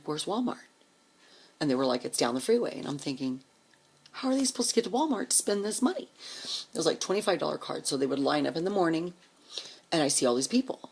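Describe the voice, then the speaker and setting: Woman, casual storytelling, gravelly, blunt, profane, whispered asides. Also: a bass voice.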